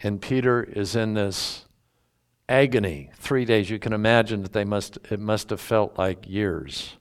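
A man's voice: on the low side, unhurried. A man preaching a sermon, teaching through a Bible passage in a folksy, emphatic way and drawing out key words. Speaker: pastor.

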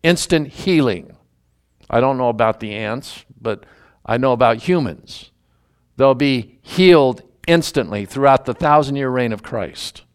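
A man's voice: mid-range voice, expressive, a little slow, smooth. A man teaching the Bible verse by verse in a conversational, musing way, openly admitting what he doesn't understand.

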